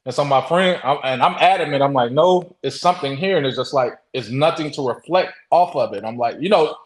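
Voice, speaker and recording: A man guest telling a story in casual talk. He speaks haltingly, with many restarts, and acts out the quotes. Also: mid-range voice, roomy sound, rough recording. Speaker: interview guest.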